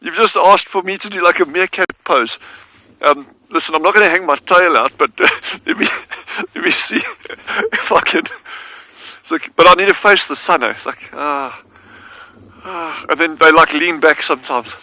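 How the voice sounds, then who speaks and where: A man guiding a live wildlife broadcast outdoors, talking in a relaxed, chatty way and laughing easily. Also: on the high side, moderate pace, no echo, rough recording. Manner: easygoing, chatty, laughs readily. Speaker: wildlife guide. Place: outdoors near meerkat burrows.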